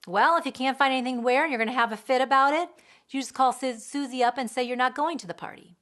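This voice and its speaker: A woman voicing an exasperated mother who scolds her daughter with emphatic, drawn-out words. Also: high voice, a bit bright, voice pushed up. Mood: sarcastic.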